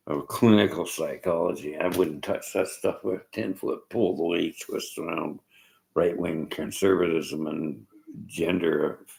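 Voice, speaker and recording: A man holds forth on politics in a very deep, gravelly voice. He rambles and jabs bluntly at whoever disagrees with him. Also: low-quality recording. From Canada. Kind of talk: political rant to viewers.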